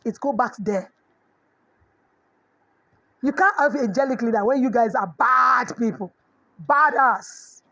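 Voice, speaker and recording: A woman's voice: on the high side, slow, long pauses, sharp tone. A middle-aged woman with a Nigerian accent giving a preachy parenting talk, mixing in Yoruba proverbs. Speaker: parenting coach. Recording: dull lo-fi audio.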